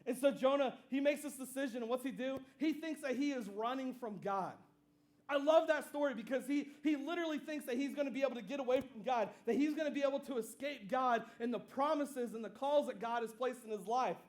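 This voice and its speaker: A pastor with a high voice delivers a sermon in a relaxed, conversational style, full of fillers, asides, and quick questions to the congregation. He retells stories with animated energy, acting out each scene.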